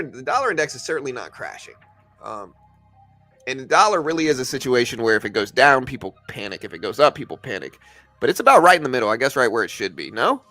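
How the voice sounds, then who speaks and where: Lively, bright-voiced man arguing with viewers. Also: mid-range voice, no room sound. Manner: argumentative, talks straight back to viewers; repeats himself, stumbles and restarts. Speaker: livestream host. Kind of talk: casual livestream market commentary answering chat.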